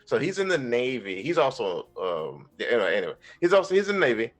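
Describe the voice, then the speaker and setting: A man, an Army veteran, talking as a guest on a live stream, telling a story in a rambling, relaxed way. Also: mid-range voice, quick pace. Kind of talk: livestream interview chat.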